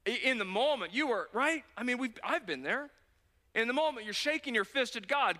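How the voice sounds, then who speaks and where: A bright, high-voiced man preaching an earnest sermon, telling stories in a conversational way. His voice rings through a church sanctuary with a long reverb tail. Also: animated, fairly quick. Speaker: pastor.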